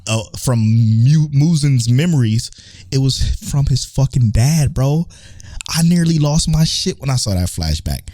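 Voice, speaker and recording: A man co-hosting a podcast in a casual anime chat, excitable and profane, acting out characters' lines. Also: mid-range voice, a little slow, no room sound. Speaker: podcast co-host.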